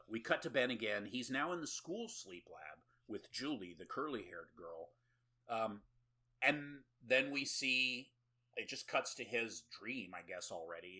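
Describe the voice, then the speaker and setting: A man's voice: lowish voice, bright, forceful tone. A man co-hosting a horror movie podcast, recapping a film in a casual, sarcastic way with swearing and laughing asides. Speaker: podcast co-host.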